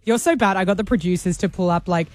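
A woman's voice: mid-range voice, fast talker, a little mellow, dry recording. An Australian woman hosting a radio show, chatty and teasing, laughing easily. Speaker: radio host. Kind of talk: casual radio banter.

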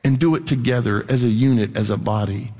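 A middle-aged male pastor preaching a sermon in an animated way, rising almost to a shout at his peaks. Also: medium pitch, fairly quick, husky, big-room sound.

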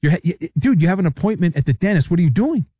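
A man's voice: high-pitched, big pitch swings, very fast, dark tone, breathy edge, dry recording, clean studio sound. A man hosting a sports talk show, delivering a sarcastic monologue full of playful riffs and asides. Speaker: sports talk radio host.

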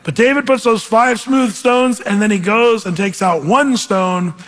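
A man preaching a sermon as pastor, lively and animated, acting out quoted voices. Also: sits high, measured pace. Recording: hall reverb.

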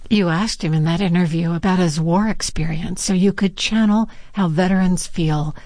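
A woman interviewing a guest with measured, prepared questions. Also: lowish voice, a little mellow, no room sound, clean studio sound.

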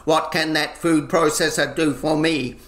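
A man performing comic spoken-word poetry in a rhythmic, deadpan delivery, recorded with a roomy echo. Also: a little high, a little slow. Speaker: performance poet.

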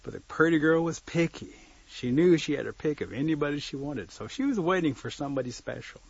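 A man telling a folk tale to listeners, lively, acting out the scenes and joking aside. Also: fairly high pitch, a little fast, gravelly, breathy edge, dry recording. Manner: lively, acts out voices, aside jokes. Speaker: storyteller. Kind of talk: oral folk storytelling. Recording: dull lo-fi recording.

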